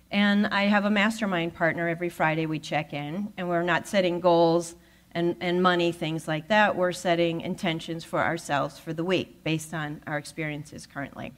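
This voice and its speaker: A woman giving a talk at a spiritual center, telling a personal story with lively acted-out dialogue. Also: on the low side. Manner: animated storyteller who acts out quoted voices. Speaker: guest speaker at a spiritual center.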